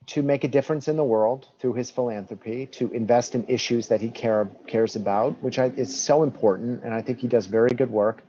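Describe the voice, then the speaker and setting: Guy on a podcast making his case, emphatic, relaxed dark tone, kinda dull lo-fi sound. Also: medium pitch. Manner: emphatic, explanatory, with restarts. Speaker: guest, election reform advocate. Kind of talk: podcast interview. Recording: dull lo-fi audio.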